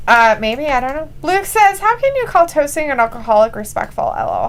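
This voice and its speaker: Giggly high-voiced woman, casual livestream chat. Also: very animated, a little fast. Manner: giggly, laughs often and loudly, reads chat comments aloud; swears casually. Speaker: co-host of a live wrestling reaction stream. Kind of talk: casual live reaction chat.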